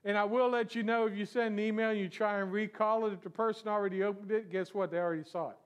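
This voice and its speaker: A man with a notably high voice delivers a sermon in a church. He preaches in a loose, conversational way and keeps asking the congregation questions. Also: steady tone, fast, clean tone. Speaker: pastor. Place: church sanctuary.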